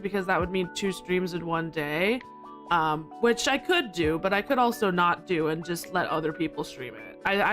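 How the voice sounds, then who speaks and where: Giggly rambling woman streamer. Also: a bit bright. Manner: giggly, rambling, with frequent laughter; squeaky high protests when flustered. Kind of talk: casual live-stream chat.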